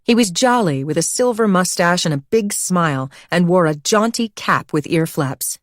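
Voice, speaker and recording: Woman, audiobook narrator, low voice, steady measured reading, dry close recording. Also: no echo. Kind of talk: scripted narration.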